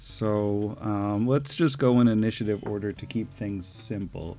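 Low-voiced man running a tabletop game. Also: fairly even intonation, unhurried, darkish tone, soft background music. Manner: matter-of-fact, with frequent filler words. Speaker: game master. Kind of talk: running a tabletop game, reading monster stats.

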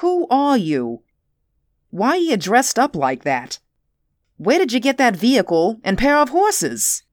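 A woman voicing a big, suspicious man in uniform who speaks crisply and demands answers. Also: a little high, sing-song, measured pace, no room sound, clean studio sound, voice pushed up.

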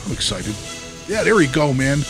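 Animated man hosting a podcast, music behind. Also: a little high, moderate pace. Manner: animated, joking, lots of fillers. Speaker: podcast host. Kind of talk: casual podcast monologue.

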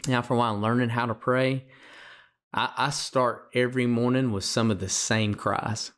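A man talks earnestly on a faith podcast, half chat and half sermon. He often restarts a phrase, doubling the first word before going on. His pitch sits in an ordinary middle range. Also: steady tone, normal speed, fairly bright tone. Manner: earnest, repeats words at starts; emotional, gets choked up. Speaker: podcast co-host. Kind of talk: preaching-style podcast talk.

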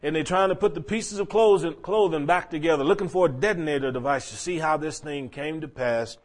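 A man preaching a sermon, telling a long story and quoting scripture, dropping to a hush and rising again. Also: fairly high pitch, a little fast. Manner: storytelling preacher, quoting scripture, swinging between hushed and raised.

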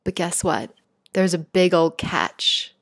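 A woman's voice: fairly low pitch, expressive, takes it slowly, no echo, heavily acted. A woman voicing the universe as a teasing, knowing cosmic presence in a dry, close recording.

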